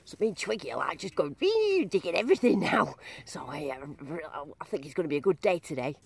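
A woman vlogging a metal detecting dig outdoors, chatting in a bubbly, excitable way and repeating herself in delight. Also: low voice, fairly quick, gravelly, slightly rough. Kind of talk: excited casual running commentary.

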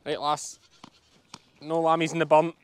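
A man's voice: on the high side, level tone, unhurried, clear, resonant tone. A Scottish man, a sheep farmer, chatting casually and explaining as he works outdoors on his farm. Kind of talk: casual vlog narration while working.

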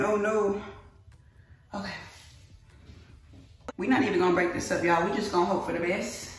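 Slightly breathless, a young woman rushes through a chatty hair-care vlog, addressing her audience as y'all. She has a mid-range, fairly bright voice, picked up by a distant phone camera in a room with echo.

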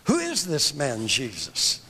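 An older man preaching a sermon, emphatic and drawn out, with big swings in pitch. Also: wildly swooping pitch, slow, bright, forceful tone, slight background noise. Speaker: evangelist preacher. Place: church. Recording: long hall reverb from a church.

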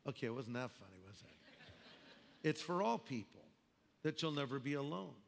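A man's voice: medium pitch, big pitch swings, moderate pace, gravelly, a little hiss or hum. A man preaching a sermon as pastor, emphatic with wry asides. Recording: long hall reverb.

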